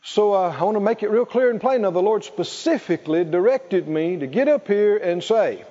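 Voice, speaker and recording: High-voiced preaching man. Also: lively intonation, normal speed, hardly any pauses, mellow, long reverb tail. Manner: call-and-response preaching, laughs often. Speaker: pastor. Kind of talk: sermon. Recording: muffled church recording.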